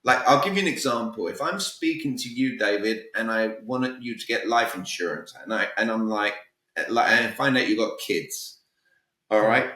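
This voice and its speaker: British man coaching with bright, punchy delivery. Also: lowish voice, animated, normal speed, recorded from a distance. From Britain. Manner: direct, emphatic, peppers talk with "all right?". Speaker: guest communication coach. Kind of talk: podcast interview, coaching advice. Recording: roomy echo, voice a bit off-mic.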